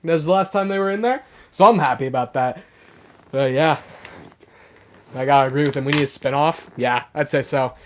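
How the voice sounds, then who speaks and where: With a voice roughened by illness, a young man streams live, reading chat aloud and chatting in a casual, excitable way full of fillers. He speaks a little high and a little fast, yet leaves long pauses.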